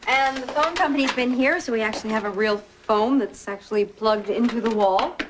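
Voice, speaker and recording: An actress playing an earnest, troubled young wife in a soap opera, from an old TV tape. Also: female voice, a little high, brisk, noisy background, close to an everyday voice. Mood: warm. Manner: earnest, emotional. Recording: old TV tape with soft music.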